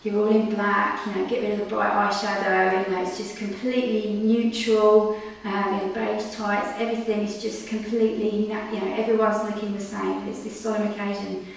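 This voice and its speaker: A woman's voice: medium pitch, flat delivery, moderate pace, gravelly, a little hiss or hum. A woman telling a personal anecdote in a chatty way, full of fillers, acting out quotes and giggling. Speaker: storyteller. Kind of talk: personal anecdote told live. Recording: very echoey room, mic far off.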